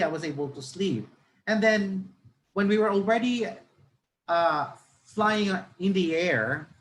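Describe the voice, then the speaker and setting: A middle-aged Filipino man leads a training session for teachers and drifts into a personal anecdote. His voice sits a little high, and he talks in a loose, conversational way, correcting himself often and slipping between English and Tagalog. A faint hum runs under the recording. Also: a bit bright, low-quality recording. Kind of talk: storytelling in a live training session.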